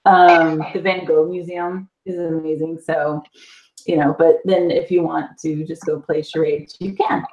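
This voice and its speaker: A woman from the South, a guest telling an animated story in a casual chat and laughing often. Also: deep voice, measured pace, highs cut off. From US South, Panhandle area. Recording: echoey room.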